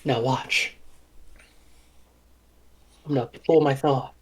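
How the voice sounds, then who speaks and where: A man voicing a male party member who performs a hammy magic trick, in a hushed, theatrical way. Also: medium pitch, steady tone, slow, close to an everyday voice.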